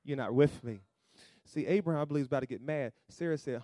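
A man preaching a sermon, asking the congregation for amens, swinging between loud emphatic peaks and low asides. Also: fast talker, dry recording, studio quality. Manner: call-and-response preaching, rising to loud emphatic peaks then dropping low; acts out quoted voices in asides. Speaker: pastor.

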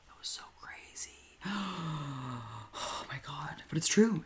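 A woman's voice: a bass voice, creaky, a little mellow. A young woman casually recapping a horror film, gushing with constant "like" and "oh my God" and often dropping into a whisper. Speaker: movie recap vlogger.

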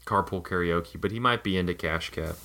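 Deep-voiced man hosting a film podcast. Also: fairly quick, background noise. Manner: hesitant, many restarts and fillers. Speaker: podcast host. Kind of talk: casual film podcast chat.

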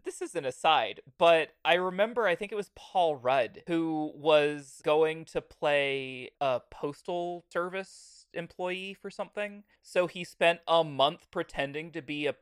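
A woman co-hosting a comedy podcast, giggly and rambling, going off on quick tangents. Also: low-pitched, smooth, no room sound. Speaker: podcast co-host. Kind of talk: casual comedic chat.

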